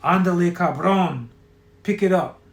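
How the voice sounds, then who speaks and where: A man's voice: fairly high pitch, animated, normal speed, lightly acted. A man voicing a cocky, sleazy young store manager who talks mocking and crude.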